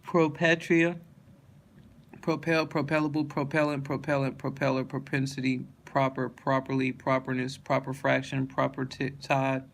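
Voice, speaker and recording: A man reading a long dictionary word list aloud, one word after another in a steady monotone, restarting words he stumbles on. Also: medium pitch, normal speed, creaky, hardly any pauses.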